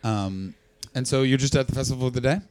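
A young man doing profane, mocking stand-up crowd work, bursting loud at times. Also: mid-range voice, fast, clear, resonant tone. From Canada. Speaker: stand-up comedian.

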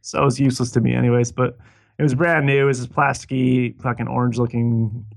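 A man's voice: medium pitch, flat delivery, fast talker, gravelly. A man telling a story over a call, swearing nonstop. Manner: rambling, heavy swearing, restarts. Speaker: podcast co-host. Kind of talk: casual storytelling chat. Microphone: Skype call.

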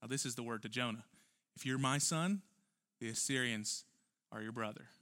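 A man's voice: medium pitch, moderate pace, pushed and bright. A man preaching a church sermon, earnest and emphatic, full of rhetorical questions. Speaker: pastor.

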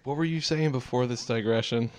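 A man's voice: mid-range voice, a little fast, smooth. A man co-hosting a casual podcast, throwing in blunt crude wisecracks. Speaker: podcast co-host. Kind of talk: casual chat.

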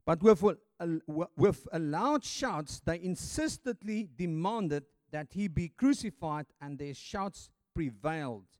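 A man preaching a sermon with a slightly high voice, recorded dry and close. His delivery is dramatic, swelling loud and then dropping to a hush. He stumbles now and then on fillers and restarts. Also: expressive, unhurried, few pauses, no echo. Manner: dramatic, swinging from loud to hushed.

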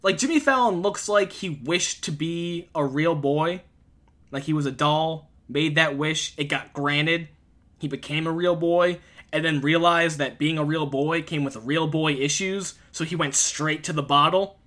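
A man's voice: on the high side, unhurried, bright, forceful tone. A man giving heated, profane, emphatic commentary as a video host. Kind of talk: ranting commentary.

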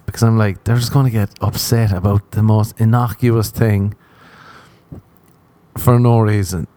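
A man's voice: lowish voice, fairly even intonation, measured pace, warm tone, no echo. A man with an Irish accent, a podcast host, telling a comic story in a casual way. He acts out the dialogue with lots of laughter. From Ireland.

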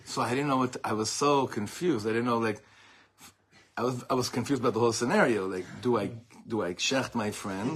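A middle-aged man, a rabbi giving an informal Torah talk to a small group, telling animated stories with laughter and mixing Hebrew and Yiddish words into his English. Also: medium pitch, a little fast. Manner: animated, rambling storytelling with frequent laughter.

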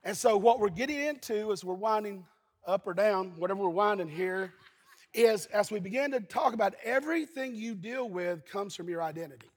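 Husky high-voiced man preaching in a hall. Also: expressive, moderate pace. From Eastern Kentucky. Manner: folksy storytelling, bursts into shouting. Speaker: pastor. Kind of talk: sermon. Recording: husky voice in a long-reverb hall.

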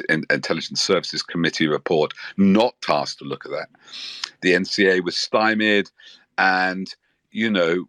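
A man with a very deep yet forceful, bright-edged voice, talking about politics with earnest energy. He often stops mid-phrase and restarts. The recording is close and dry. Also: no room sound. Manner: earnest and animated, with frequent restarts. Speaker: political commentator. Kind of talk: spoken talk with stops and restarts.

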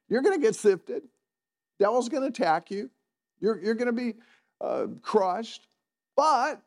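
A man's voice: high voice, a little mellow. A middle-aged man preaching a sermon to a congregation, conversational, often asking the listeners questions and chuckling. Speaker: pastor. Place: church in front of a congregation.

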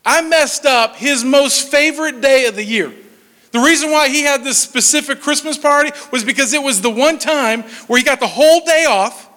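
Man, 40s, storyteller, bright forceful voice, jokey, reverb of a big hall. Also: very high voice, normal speed. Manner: animated, jokey storytelling with sudden drops to a hush. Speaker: speaker telling a personal story. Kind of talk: storytelling talk to an audience.

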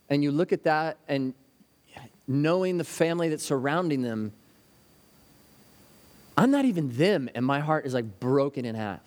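A man's voice: fairly high pitch, a little mellow. A man preaching a sermon as a pastor, earnest and story-driven, sometimes acting out the anxious voices of children. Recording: hall with long reverb.

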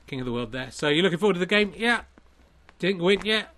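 A man's voice: high-pitched, expressive, fast, fairly bright tone. A man hosting a comic solo sketch, full of wry, self-mocking asides. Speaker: comedian host.

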